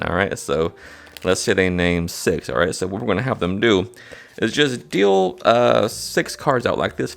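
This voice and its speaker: Male card-magic teacher, casual and gravelly, keeps checking in with the viewer. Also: fairly low pitch. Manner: casual, repeats "all right?" to check in. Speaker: magic instructor. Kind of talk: card trick tutorial.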